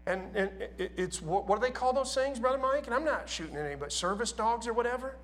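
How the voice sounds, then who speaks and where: A man's voice: extremely high pitch, animated, fast talker, fairly bright tone. A man preaching a sermon in a church, talking casually and asking his congregation questions.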